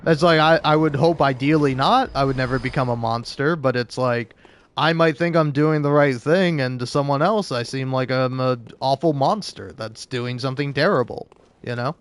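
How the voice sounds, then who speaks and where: Rambling young man musing mid-game. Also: mid-range voice. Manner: halting, full of filler words and restarts. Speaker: gaming video creator. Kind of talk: rambling musing commentary while playing.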